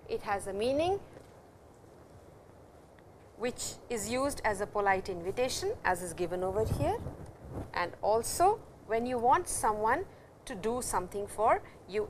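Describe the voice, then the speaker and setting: A woman teaching a language lesson, explaining slowly and repeating each example sentence. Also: a little high, slight background noise, low-quality recording. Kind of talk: classroom lecture.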